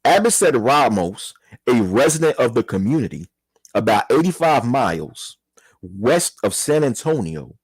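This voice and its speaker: A man's voice: medium pitch, darkish tone, slightly rough, no room sound. A man hosting his own channel, reading a news article aloud and commenting in a casual way, with an apology or a mild curse now and then.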